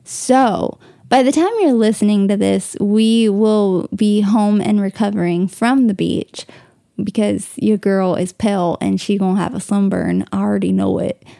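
A young woman hosts a casual solo podcast while sitting on her bed at home, gushing, emotional, and sometimes tearing up. Her medium-pitched voice is warm and animated with vocal fry, delivered at a measured pace in clean, studio-quality sound with no echo.

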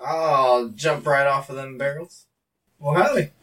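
Joking player with a folksy drawl. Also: male voice, medium pitch, measured pace, a bit bright. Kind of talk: in-character banter in a tabletop game. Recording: distant mic, poor recording.

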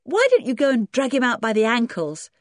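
A woman reading an audiobook and voicing a cheeky, outspoken schoolboy who talks briskly and teases. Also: a little high, big pitch swings, no room sound, studio quality, pitched above the performer's own voice. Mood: teasing. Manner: brisk, teasing.

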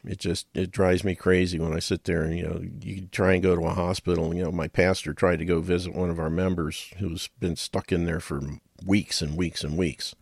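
A man's voice: low voice, flat delivery, normal speed, creaky, hardly any pauses, darkish tone, breathy edge, no room sound, studio quality. A middle-aged man hosting a radio talk show, rambling in a folksy way with chuckles and muttered asides.

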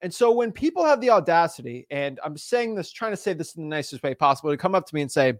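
A man's voice: on the high side, sing-song, brisk, hardly any pauses, no room sound, studio quality. A man giving an intense, preachy motivational talk to camera as a real estate coach, hammering points with repeated phrases.

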